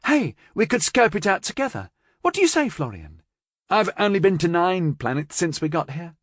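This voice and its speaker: A man reading an audiobook voices an excited, slightly slurred young woman at a nightclub. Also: high voice, normal speed, no room sound, studio quality, pitched above the performer's own voice. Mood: merry. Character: bubbly tipsy young woman, eager and merry.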